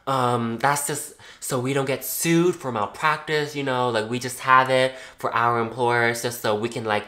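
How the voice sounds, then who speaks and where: A man's voice: mid-range voice, steady tone, normal speed, pushed and bright, close to an everyday voice. A man voicing his male boss, who brushes things off in a dismissive, hedging way with many fillers.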